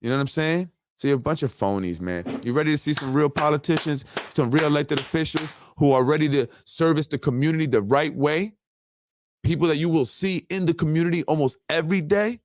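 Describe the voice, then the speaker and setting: A man giving a casual, blunt monologue on local politics, mocking officials and mimicking them in quick asides. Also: mid-range voice, expressive, no room sound, studio quality.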